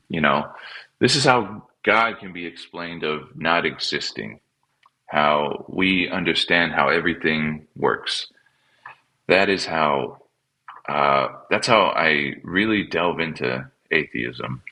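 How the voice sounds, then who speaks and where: Man, podcast guest, extremely low pitch, bright forceful tone, reflective, halting testimony. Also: rough recording. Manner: halting, reflective, repeats words as he restarts. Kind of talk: personal testimony in conversation.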